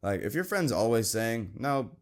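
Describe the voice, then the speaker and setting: On his Christian podcast, a young man speaks in a sing-song voice at a moderate pace. Earnest and conversational, he reads verses out loud and mimics his friends in a high register.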